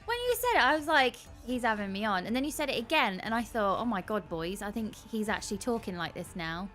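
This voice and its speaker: A woman's voice: fairly high pitch, sing-song, fast, a bit bright, soft background music. A woman co-hosting a casual late-night chat with her husband, teasing him and laughing often. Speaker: co-host.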